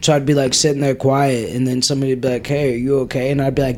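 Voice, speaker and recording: A young man in casual podcast chat, blunt and animated, swearing freely. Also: medium pitch, quick pace, hardly any pauses, a little hiss or hum. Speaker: podcast co-host.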